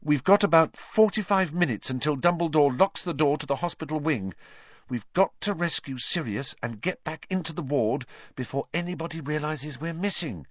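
A man's voice: fairly high pitch, expressive, no echo, highs cut off, pitched above the performer's own voice. A man voicing an anxious, clever teenage schoolgirl who speaks tensely. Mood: tense worried. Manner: tense, worried, breathy quick.

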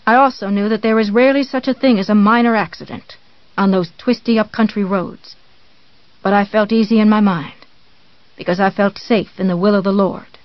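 A reader voicing a pious, menacing middle-aged woman who speaks slowly and sweetly, in a dull, dry audiobook recording. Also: mid-range voice, steady tone, dry recording, close to an everyday voice. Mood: calm, pious.

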